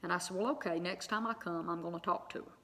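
Middle-aged woman, low and gravelly, chatty storyteller to her online audience, lots of fillers. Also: steady tone, quick pace, fairly bright tone. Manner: chatty, many fillers and tag questions. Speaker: online Bible teacher. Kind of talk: personal storytelling to viewers.

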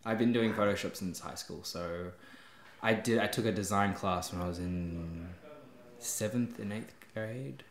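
Young aussie guy, lowish voice, kinda quiet short answers, roomy echo. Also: a little slow. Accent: Australian. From Australia. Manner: soft-spoken, short answers with many "mm" and "yeah". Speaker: guest. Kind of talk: casual interview chat.

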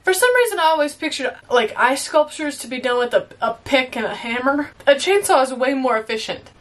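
Young woman, high voice, very lively, chatty reaction commentary. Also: fairly quick. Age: 20s. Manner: animated, exclamatory, chatty. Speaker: reaction video host. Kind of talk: casual movie reaction commentary.

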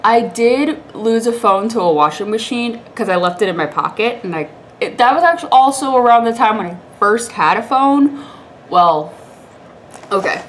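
A woman's voice: fairly high pitch, animated, moderate pace, a little hiss or hum. A young woman vlogger with a congested, stuffy voice, telling a rambling story to the camera in a chatty way, laughing often.

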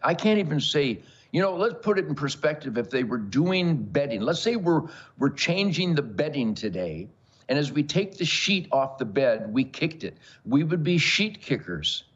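A man's voice: fairly high pitch, very animated, normal speed, a bit bright, slightly rough, lo-fi sound. An older man hosting a show, rambling to camera in a bombastic, boastful, joking manner. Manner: boastful, bombastic, jokey, with frequent laughs. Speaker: show host.

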